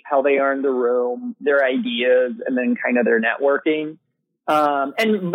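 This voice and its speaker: Man, husky voice, phone-like sound, dry, casual fillers, interview guest. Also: mid-range voice, dry recording. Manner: casual, many fillers like "you know" and "like". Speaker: literary manager. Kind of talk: podcast interview answers.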